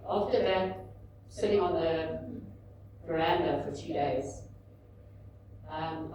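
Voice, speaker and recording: A woman in her fifties giving a candid, animated talk at a book launch, telling personal stories to an audience. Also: sits low, slight background noise. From South Africa. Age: 50s. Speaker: author and speaker. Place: large indoor event room. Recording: echoey hall, mic at a distance.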